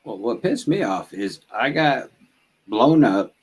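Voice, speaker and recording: A man's voice: mid-range voice, very animated, takes it slowly, darkish tone, husky. A man hosting a casual podcast chat, joking and swearing as he trades war stories. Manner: joking, profane banter. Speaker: podcast host and veteran.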